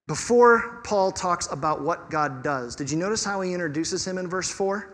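A pastor preaching a sermon in an animated, conversational way with touches of humor. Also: male voice, high voice, moderate pace, hardly any pauses, big-room sound.

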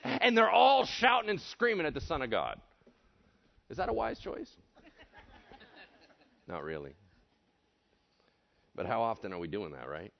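Guy preaching a sermon, lively swooping pitch, kinda dull lo-fi sound. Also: unhurried, creaky, long pauses. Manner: animated, acts out voices, swings from hushed to shouting. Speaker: pastor.

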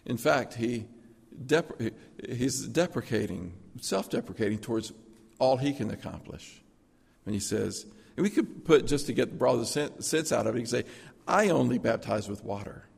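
A man preaching a sermon, explaining scripture through everyday illustrations and swinging from loud, emphatic lines to hushed ones. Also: mid-range voice, animated, normal speed, gravelly, slightly rough, long reverb tail. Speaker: pastor.

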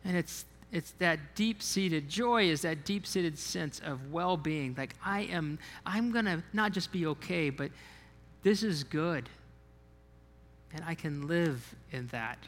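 Pastor guy preaching, kinda high bright voice, lots of hall reverb, keeps asking the room stuff. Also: slow pace. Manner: conversational preaching, repeats words, asks the congregation questions. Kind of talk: sermon. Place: church sanctuary.

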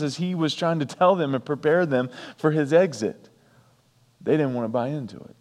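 A pastor preaching a sermon, repeating key lines for emphasis and breaking off for chatty asides. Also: male voice, a little high, moderate pace, a little mellow, long reverb tail.

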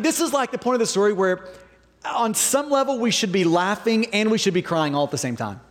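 A man preaching a sermon as pastor, animated and dramatic, acting out the voices in the story. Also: very high voice. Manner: animated, acts out quoted voices. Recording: long reverb of a large hall.

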